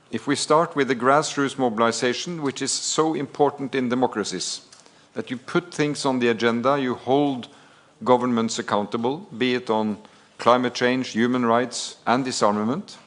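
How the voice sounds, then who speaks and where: A man from Norway, answering at a press conference as head of government in a measured, step-by-step way. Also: medium pitch. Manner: measured, deliberate, builds points in steps.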